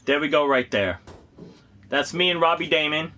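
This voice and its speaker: A man hosting a casual livestream, rambling excitedly and often breaking into laughter. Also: a little high, normal speed. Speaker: host of a gaming and cosplay channel.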